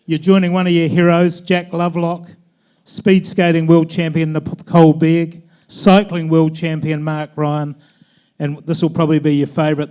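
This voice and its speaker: A man's voice: on the high side, warm tone. A man hosting an awards night, presenting honours in a formal, congratulatory way. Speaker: master of ceremonies. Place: awards ceremony on stage.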